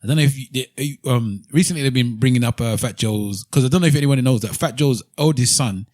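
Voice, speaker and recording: Co-host, man, talks fast, pushes back, dry close mic. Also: mid-range voice, darkish tone, dry recording. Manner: argumentative, repeats words while searching for them. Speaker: podcast co-host. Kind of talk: casual podcast chat.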